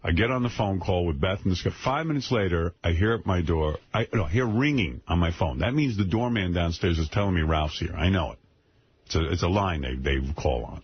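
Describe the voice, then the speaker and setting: A man with a lowish voice tells a story on a radio talk show. His delivery swings widely in pitch as he rants, swears and acts out his own shouting, with a slight leftover cold. The broadcast audio sounds dull, with a faint hiss underneath. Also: fairly quick. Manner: animated ranting, profane, mimics himself yelling. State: end of a cold. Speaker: radio host.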